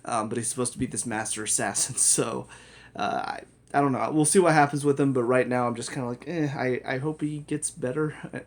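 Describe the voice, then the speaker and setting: A man's voice: medium pitch, a little fast. A man giving a casual spoken review of a TV show, rambling, correcting himself and laughing often.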